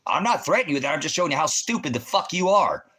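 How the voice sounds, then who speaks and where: Enraged male streamer, bright, tense voice, swears nonstop, berates a chat viewer. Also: on the high side, very animated, rapid-fire, slightly rough. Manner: profane, confrontational, yelling accusations. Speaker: livestream host, veteran. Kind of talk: livestream rant at a chat viewer.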